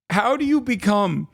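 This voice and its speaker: A man's voice: sits high, creaky, no room sound, studio quality. A man streaming and reacting to videos in casual commentary, sarcastic, swearing often and laughing a lot.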